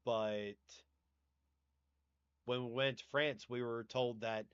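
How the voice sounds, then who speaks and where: A man's voice: medium pitch, slow, pauses often, fairly bright tone, clean tone, no room sound, lo-fi sound. A man with a Southern US accent, hosting a livestream in casual, rambling chat and swearing casually. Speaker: livestream host.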